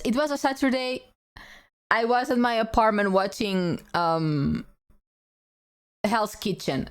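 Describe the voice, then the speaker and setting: A woman streamer tells a story to her live chat in a relaxed, unhurried way. She laughs often and drops Japanese words into her English. She sounds close to a desk mic. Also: mid-range voice.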